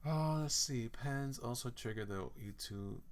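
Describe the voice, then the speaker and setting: A man streaming himself drawing, chatting casually and exclaiming to viewers in an animated way. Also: medium pitch, unhurried. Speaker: artist streaming his drawing. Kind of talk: casual live-stream chat.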